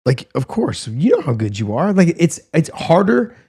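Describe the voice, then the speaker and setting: A man's voice: fairly high pitch, very animated, moderate pace, mellow, slightly rough. A man co-hosting a podcast, pushing back and arguing his point in a teasing way. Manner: pushes back, argumentative and teasing. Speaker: podcast co-host. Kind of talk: casual podcast debate.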